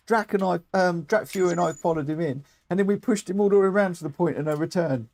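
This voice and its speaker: A high-voiced man talks quickly as he hosts a gaming livestream, giggling and excitedly commenting live for his viewers. He's at a home setup using a desk mic, and there's no echo.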